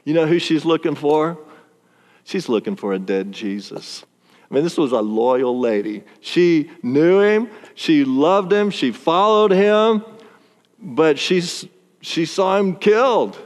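A man's voice: on the high side, slow. Storytelling male preacher in a hall. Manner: animated storytelling, chuckles often. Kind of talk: sermon. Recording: long reverb in a large hall.

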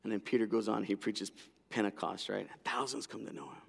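A middle-aged man preaching a sermon as a pastor, an animated storyteller whose lively delivery drops to hushed intensity. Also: lowish voice, fairly quick, creaky, breathy edge. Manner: animated storyteller, acting out voices. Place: large church hall. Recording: long hall reverb.

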